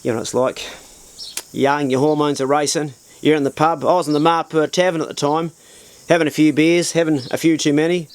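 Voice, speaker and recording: A man's voice: on the high side, level tone, a little fast, clean tone. A man telling a bawdy story in a casual, crude and self-mocking way, talking straight to the listener.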